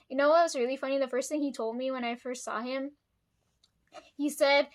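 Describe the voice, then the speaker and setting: A woman's voice: high-pitched, fairly quick. A woman vlogger chatting casually to her viewers, rambling, swearing freely and laughing often. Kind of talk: casual chat to camera.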